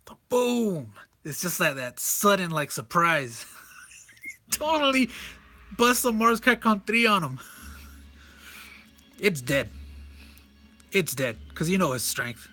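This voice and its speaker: Enthusiastic rambling man, bright voice. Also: sits high, big pitch swings, slow, long pauses, no room sound, soft background music. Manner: enthusiastic, rambling, self-correcting. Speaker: comic reviewer. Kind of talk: casual comic walkthrough.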